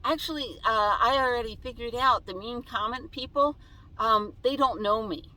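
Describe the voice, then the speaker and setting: A woman's voice: fairly high pitch, normal speed, sharp tone, poor audio. A woman vlogger chatting casually inside her van, reading viewer comments aloud and answering each one. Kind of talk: casual chat.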